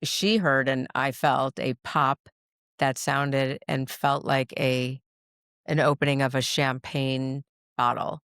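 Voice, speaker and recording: Smooth-voiced middle-aged woman rambling. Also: very deep voice, fairly even intonation, slow, a bit bright, dry recording, studio quality. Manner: rambling, laughs often, frequent restarts. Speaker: guest, mother of the host. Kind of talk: casual storytelling chat. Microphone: podcast mic.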